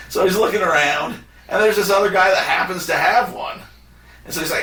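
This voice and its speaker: A man's voice: on the high side, fast talker, echoey room, far from the mic. A man hosting a podcast, telling a story in casual chat and acting out the people in it. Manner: animated, acts out both sides of the story. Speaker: podcast host.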